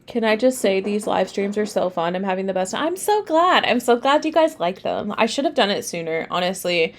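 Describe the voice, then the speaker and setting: A woman's voice: mid-range voice, very animated, a little fast, slight background noise. A young woman teaching tarot on a live stream, chatting with viewers, often laughing and getting sidetracked. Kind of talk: casual live-stream lesson.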